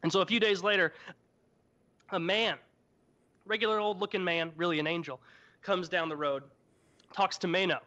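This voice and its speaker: Young man, podcast co-host, high bright voice, irreverent casual storytelling, lo-fi sound. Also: steady tone, normal speed, long pauses. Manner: irreverent, profane, joking retelling. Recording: dull lo-fi podcast audio.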